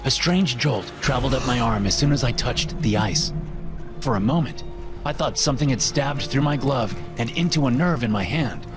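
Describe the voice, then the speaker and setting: A man reading a first-person horror story in a steady, measured way, as scripted narration. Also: mid-range voice. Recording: voice-over with loud music behind.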